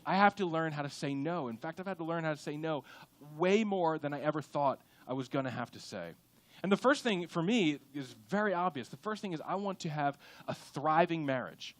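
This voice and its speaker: A young adult man preaching a sermon in a church, lively and conversational, now and then acting out quoted voices. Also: fairly high pitch, dry recording. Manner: animated, acts out quoted voices. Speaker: pastor. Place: church auditorium.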